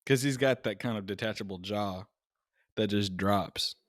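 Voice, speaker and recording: Low-voiced man with dry remarks. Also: moderate pace, dry recording. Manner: dry, mock-serious remarks. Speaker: podcast co-host. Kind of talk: casual banter. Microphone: remote call mic.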